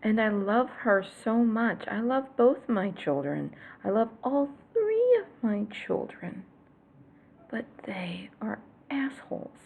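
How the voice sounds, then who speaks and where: A woman's voice: mid-range voice, gravelly, a little mellow. A woman, likely in her thirties, venting to viewers about her children in an exasperated, emphatic way, dropping to whispers for punchlines. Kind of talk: casual vlog rant.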